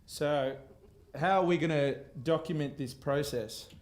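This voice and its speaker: A man's voice: on the high side, a little slow. A man, a musician chatting casually and laughing as he hosts a live stream. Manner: relaxed, chatty, laughs often. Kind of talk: casual chat between songs.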